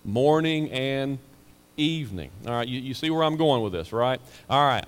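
A man preaching to his congregation in a conversational, emphatic way, often repeating words for weight. His voice carries a long hall reverb from the church sanctuary. His pitch is average for a man. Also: smooth. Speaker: pastor. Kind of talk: sermon.

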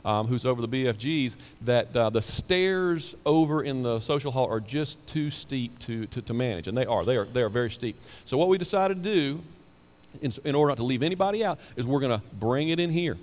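A man's voice: medium pitch, lively intonation, fairly quick, darkish tone. A man preaching as a pastor, casual and emphatic, often repeating his words. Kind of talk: sermon. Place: church sanctuary. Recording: hall reverb.

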